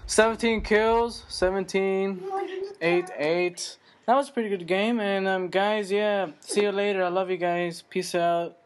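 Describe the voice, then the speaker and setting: A young man giving rambling, excitable live commentary while he plays a shooter game, swearing now and then. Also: high-pitched, a little slow. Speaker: gaming channel host.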